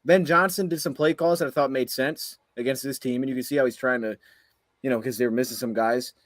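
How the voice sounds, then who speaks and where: A man's voice: mid-range voice, steady tone, fast talker, dry recording. A man co-hosting a sports podcast, ranting heatedly after a game and firing off frustrated rhetorical questions. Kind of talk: heated post-game rant.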